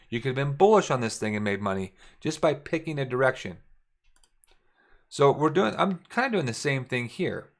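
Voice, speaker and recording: A middle-aged trading instructor with a medium-pitched, slightly bright voice gives a casual, repetitive lesson over screen share, drawing on charts as he talks.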